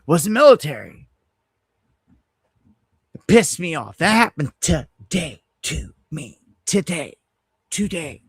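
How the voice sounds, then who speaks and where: A middle-aged man hosting a casual livestream, telling a story in an animated, heated way and restarting his sentences often. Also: fairly high pitch, slow pace, pauses often, husky, dry recording. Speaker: host of an independent news livestream.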